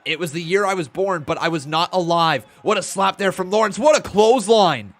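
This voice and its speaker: This watch-along streamer in his twenties has a high, expressive, slightly bright voice and a brisk pace. He reads the chat out and gives play-by-play while seeming a little weary, yawning at times.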